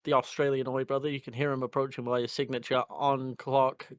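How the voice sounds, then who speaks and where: A man's voice: mid-range voice, little pitch movement, brisk, dry recording. Easygoing male game master, dry sound. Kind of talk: narrating a tabletop game.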